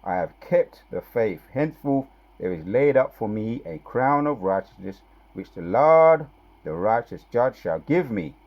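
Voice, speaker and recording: A man giving an informal scripture teaching. He reads verses slowly with loud, drawn-out stress and talks casually between them, often asking "right?" and "yeah?". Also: medium pitch, expressive, lo-fi sound. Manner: conversational, with tag questions and fillers between verses. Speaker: bible teacher.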